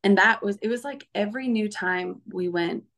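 A woman's voice: medium pitch, normal speed, fairly bright tone. A woman guest recounting her testimony in an interview, earnest and emotional, with many fillers.

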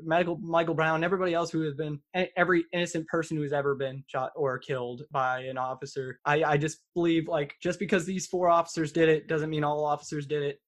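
A man hosting a podcast in casual chat, rambling with halting restarts. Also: fairly high pitch, flat delivery. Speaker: podcast host.

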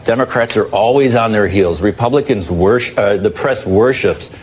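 A man's voice: lowish voice, moderate pace, a little hiss or hum. A man giving earnest political commentary and building an argument step by step.

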